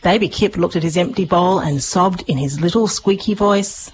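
A woman narrating a children's story with lively expression. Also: fairly low pitch, moderate pace, slight background noise, poor audio. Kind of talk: storybook reading.

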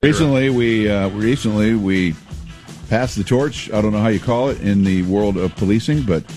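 A man's voice: fairly low pitch, moderate pace, a little mellow, faint music behind. A man hosting a local talk show, asking rambling conversational questions. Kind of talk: casual interview.

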